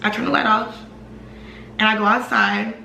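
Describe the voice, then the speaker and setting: A young woman telling a personal story to camera in a fast, animated, casual way, full of fillers. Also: medium pitch, creaky, echoey room, slight background noise.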